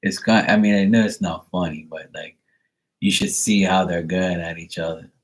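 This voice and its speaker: A man's voice: low-pitched, steady tone, normal speed, rough recording. A man giving a live psychic reading in a casual, rambling way, full of fillers and the odd swear word. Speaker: psychic reader.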